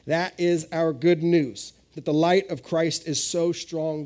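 A male pastor delivers an animated live sermon in a fairly high voice. He tells his stories with sudden leaps in pitch and volume. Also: slow pace. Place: church hall, live service.

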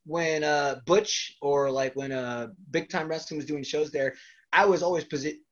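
A man's voice: a little high, fairly even intonation, normal speed. A man as a wrestler guest in an interview, telling rambling stories in a casual way and laughing often between them. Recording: dull lo-fi recording.

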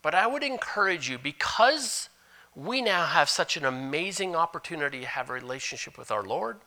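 A man preaching a sermon as pastor, animated, moving between loud emphasis and hushed asides. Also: on the high side, moderate pace.

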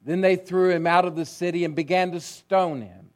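A male pastor preaching a sermon, telling stories with drama, dropping to a hush and then rising loud. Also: high-pitched, steady tone, normal speed. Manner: dramatic storytelling, swinging between hushed and loud.

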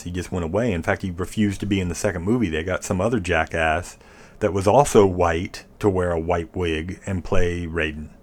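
Guy with a really low voice ranting casually on a podcast, rambly, swears a lot. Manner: opinionated, rambling, swears freely. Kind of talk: casual chat.

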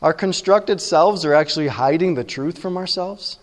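A man's voice: on the high side, moderate pace. A man preaching a sermon as pastor, earnest and conversational, often repeating words as he voices the people in the stories he tells. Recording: long reverb in a large hall.

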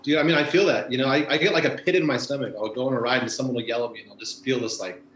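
A man's voice: medium pitch, steady tone, racing, a bit bright, reverberant, slight background noise, rough recording. A man, a former bike messenger, chatting casually and rambling with lots of fillers. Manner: rambling, laid-back, many fillers like "you know". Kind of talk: casual conversation.

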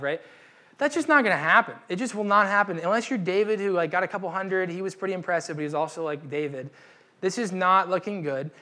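A young man preaches at a church gathering in a loose, joking way. His voice sits a little high and comes across bright and forceful. He keeps slipping into quoted voices and slangy asides. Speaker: pastor. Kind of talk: casual, humorous sermon.

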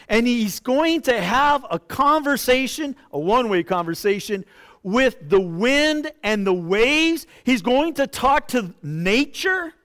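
A male pastor preaching a sermon, expressive, rising into impassioned pleading. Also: very high voice.

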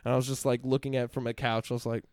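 A man's voice: medium pitch, level tone, very fast, darkish tone, clear, resonant tone, no echo, studio quality. A young man, a podcast guest, rambles through crude stories and laughs often. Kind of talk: casual chat.

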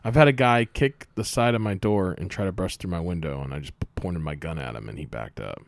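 A man's voice: low voice, fairly quick, creaky, dry recording. A man hosting a casual podcast, joking and teasing his co-host as he talks.

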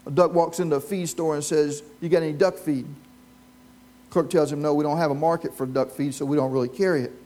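A man's voice: a little high, steady tone, fast, few pauses, warm tone. A man preaching a sermon, telling stories and asking the congregation questions. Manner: storytelling, asks the congregation questions. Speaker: pastor. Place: church with a live congregation.

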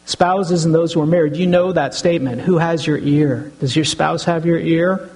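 A man's voice: a little high, fairly even intonation, moderate pace, a little mellow, breathy edge, poor audio. A middle-aged man, a pastor, preaching an earnest sermon and often addressing the congregation as brothers and sisters.

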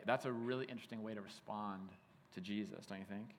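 A man in his thirties preaching a sermon in a casual, animated way, telling stories with lots of "like". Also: fairly low pitch, fast talker. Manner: casual, animated storytelling with frequent "like". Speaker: pastor. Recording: hall reverb.

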